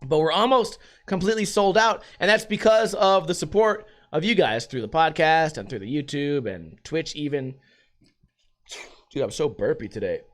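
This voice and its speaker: A man with a fairly high voice hosts a laid-back solo podcast from his home. He rambles from one thing to the next and swears freely. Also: expressive, normal speed. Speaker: podcast host. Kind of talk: casual solo podcast chat.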